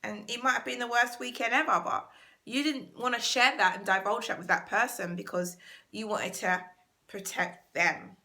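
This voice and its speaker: Bright-voiced earnest British woman. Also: mid-range voice, steady tone, moderate pace. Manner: earnest, emphatic, repeats key words. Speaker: self-help channel host. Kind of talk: motivational talk to camera.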